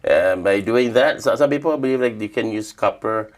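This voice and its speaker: A middle-aged man from the Northern Mariana Islands telling stories in an interview, relaxed, acting out the voices he quotes. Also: lowish voice, normal speed. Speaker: humanities awardee, traditional healer. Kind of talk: interview storytelling.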